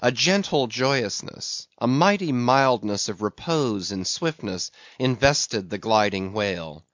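Measured male audiobook narrator, middle pitch, dry and slightly dull recording. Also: animated, fairly bright tone, no room sound. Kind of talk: scripted narration.

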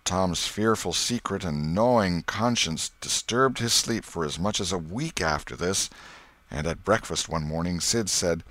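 Deep-voiced expressive male audiobook narrator. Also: measured pace, no room sound. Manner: expressive, dramatic reading. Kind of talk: scripted narration of a classic novel.

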